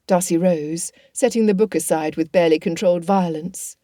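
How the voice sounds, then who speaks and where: A woman narrating a period novel audiobook in a measured storytelling manner. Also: lowish voice, dark tone, dry recording, studio quality.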